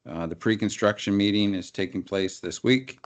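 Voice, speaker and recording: A man's voice: fairly low pitch, moderate pace. A man, the deputy mayor, giving a committee update in a council chamber with many ums and uhs. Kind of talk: council meeting report.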